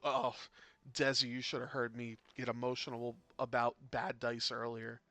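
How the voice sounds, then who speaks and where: A man casually commentating a tabletop game, rambling and chatty, breaking into sudden loud excited bursts. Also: medium pitch, moderate pace, dry recording. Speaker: game caster.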